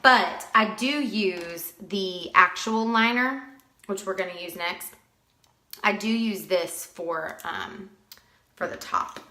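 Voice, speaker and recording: Bright-voiced chatty woman, roomy sound. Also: medium pitch, takes it slowly, a little hiss or hum. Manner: chatty, greets viewers by name. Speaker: makeup seller doing a live tutorial. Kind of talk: casual live-stream makeup tutorial. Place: at home, with dogs nearby.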